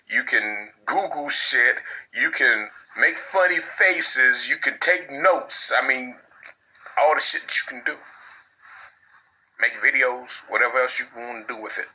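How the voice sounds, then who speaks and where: A man's voice: mid-range voice, bright, forceful tone, husky, poor audio. A man giving impassioned spiritual preaching, repeating his phrases like incantations and dropping in crude slang.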